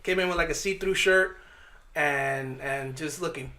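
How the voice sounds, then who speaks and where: A man co-hosting a podcast, telling a profane, animated story and acting out the voices of the people in it. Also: on the high side, unhurried. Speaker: podcast co-host. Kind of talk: casual storytelling chat.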